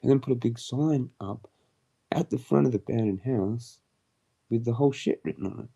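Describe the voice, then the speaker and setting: A man's voice: medium pitch, normal speed, gravelly, mellow, slightly rough, dull audio. A young man chatting on a livestream, crude and slangy, often laughing and putting on mock voices. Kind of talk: rambling casual livestream chat.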